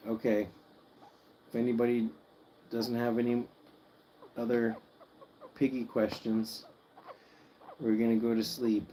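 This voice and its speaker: Sleepy livestream host, unhurried, softly cooing to his pets, faint hiss behind. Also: mid-range voice, flat delivery, poor audio. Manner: soft-spoken, cooing to his guinea pigs. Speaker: pet channel host. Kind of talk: late-night livestream chat. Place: home at night, indoors.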